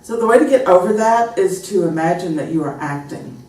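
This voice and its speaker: A woman's voice: fairly low pitch, fairly quick, far from the mic. An American woman teaching a pronunciation class, telling anecdotes and acting out example phrases. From United States. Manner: animated storytelling, acts out example phrases. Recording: echoey room, recorded from afar.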